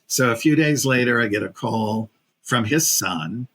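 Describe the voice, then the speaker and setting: A man in his fifties, a casting director and podcast guest, telling a personal story in a lively, casual way, acting out the people he quotes and using plenty of fillers. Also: medium pitch, measured pace, low-quality recording.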